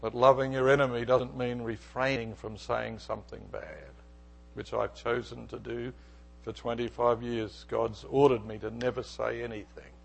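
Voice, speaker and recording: A man's voice: mid-range voice, steady tone, moderate pace, vocal fry. A middle-aged male pastor preaching, telling a personal story and acting out its dialogue. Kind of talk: sermon with storytelling.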